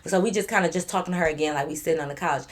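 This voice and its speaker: A woman vlogger telling a personal story to camera, blunt and animated, swearing freely and talking straight to her viewers. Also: on the low side, very fast.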